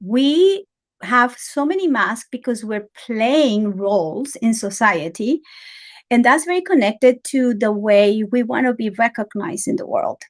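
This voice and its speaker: A woman guest in an interview, talking gently and animatedly with many fillers as she explains ideas. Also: on the high side, lively intonation, a little slow. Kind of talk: casual interview talk.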